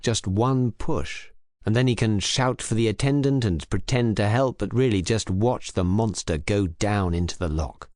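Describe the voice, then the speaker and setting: Man reading a crime audiobook, clear and measured, dry close sound. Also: lowish voice, a little mellow, no room sound. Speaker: audiobook reader. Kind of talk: scripted narration for English learners.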